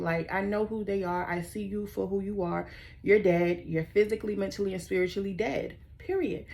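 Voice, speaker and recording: Woman in her forties, casual vlog storyteller: rambling, sassy, low and gravelly. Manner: rambling, sassy, easily sidetracked. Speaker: vlogger.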